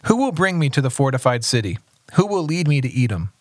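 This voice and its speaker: A man, a pastor, reading scripture aloud in a measured, steady voice and discussing it on a podcast. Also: medium pitch, dry recording, clean studio sound.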